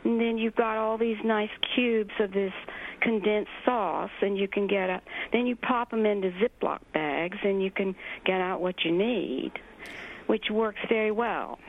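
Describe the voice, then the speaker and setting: A woman with a Southern American accent calling in to a radio show, chatty and quick to laugh. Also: mid-range voice. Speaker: caller. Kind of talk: phone-in call. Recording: phone line.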